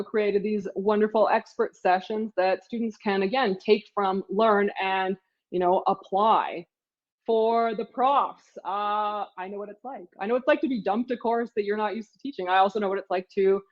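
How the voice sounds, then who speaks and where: Middle-aged woman professor, casual slide walkthrough, lots of "you know", mid pitch, a bit lo-fi. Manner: chatty, many fillers like "you know" and "sort of". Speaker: professor and textbook author. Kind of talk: casual product presentation over slides. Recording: slightly dull lo-fi audio.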